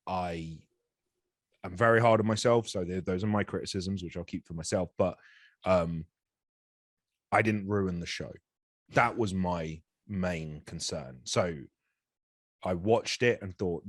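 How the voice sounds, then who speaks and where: A man's voice: low-pitched, moderate pace, no echo, studio quality. A man in his thirties, an actor guest telling a candid, self-deprecating story in an interview, rambling with frequent restarts.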